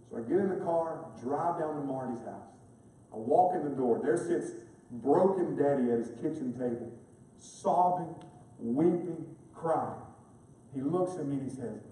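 A man's voice: mid-range voice, lively intonation, moderate pace, warm tone. A man preaching a sermon as a pastor, telling a story with passion and building to emphatic peaks in a large chapel. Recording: echoey chapel, voice from far off.

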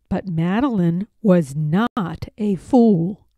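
A woman reads a rhyming children's picture book aloud, her rhythmic delivery slow and unhurried. Her voice is mellow and rather high, with a lively sing-song rise and fall. The recording is dry and close. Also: no room sound. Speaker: storybook reader.

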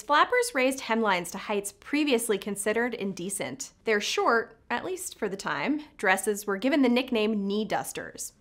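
A woman's voice: mid-range voice, pushed and bright. A woman hosting a scripted educational video, delivering facts with playful, jokey asides. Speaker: host, editor-in-chief.

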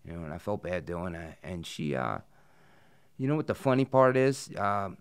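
A man's voice: sits low, big pitch swings, normal speed, smooth. A man telling stories in a casual interview, blunt and profane, full of fillers and asides. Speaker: professional wrestler, guest. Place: studio interview set.

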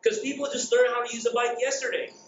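A middle-aged man from the Philippines giving a jokey, energetic conference talk and asking the crowd questions. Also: very high voice, fast, slight background noise. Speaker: conference speaker. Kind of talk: keynote presentation. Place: conference hall. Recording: echoey dull hall recording.

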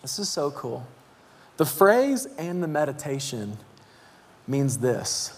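A man in his thirties preaching in a church, telling a story with deep emotion and shouting out his kids' voices. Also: sing-song, slow pace, husky. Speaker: pastor. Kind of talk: sermon. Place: church sanctuary. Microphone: handheld mic. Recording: long hall reverb in a church.

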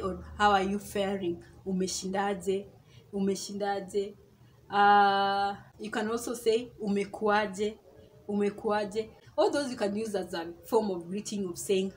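A woman from Kenya gives a relaxed video lesson. Her voice sits at a middle pitch, and she slows down to repeat each example phrase several times. A faint noise hums behind her. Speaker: Swahili teacher. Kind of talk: casual online language lesson.

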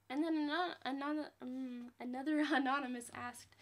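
A woman hosting a casual question-and-answer vlog, rambling, self-deprecating and quick to apologize. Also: on the high side, fairly even intonation. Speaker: channel host answering fan questions.

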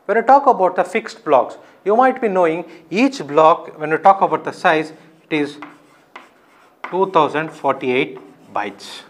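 A man with a slightly raised pitch delivers a recorded lecture. He explains step by step, repeats key terms and answers his own questions as he goes.

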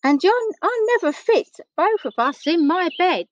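A woman voicing a small, scared young boy in a storybook, high and fearful, with a dull, dry recording. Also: expressive, unhurried, dry recording. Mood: astonished. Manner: high, fearful, wide-eyed.

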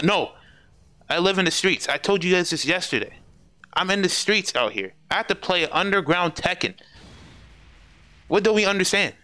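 A man's voice: on the high side, bright, forceful tone. Swearing, exasperated gaming streamer man. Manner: profane, exasperated trash talk. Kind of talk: live fighting-game commentary.

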